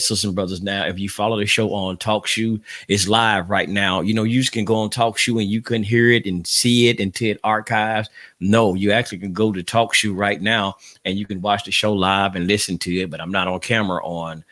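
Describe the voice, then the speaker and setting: A man's voice: low voice, fairly bright tone, no echo, clean studio sound. A man hosting a casual livestream podcast, rambling and talking straight to his listeners. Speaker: podcast host.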